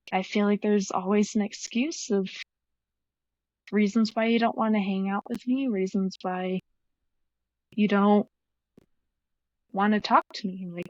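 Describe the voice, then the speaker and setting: Young woman guest, earnest personal storytelling, mid pitch, dry and slightly muffled recording. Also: dry recording. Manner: earnest, quotes past conversations, many fillers. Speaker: podcast guest. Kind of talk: personal story, casual retelling.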